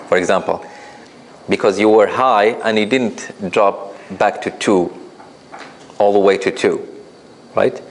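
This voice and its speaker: A man teaching a recitation class, patiently explaining rules, asking his students questions and demonstrating with drawn-out chanted examples. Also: lowish voice, steady tone, vocal fry, slight background noise, rough recording. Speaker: tajweed teacher.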